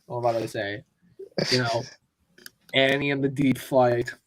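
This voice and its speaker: A man's voice: mid-range voice, steady tone, unhurried. A man co-hosting a casual pop-culture podcast, ranting with lots of swearing. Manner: profane and ranting. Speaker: podcast co-host. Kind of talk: casual chat.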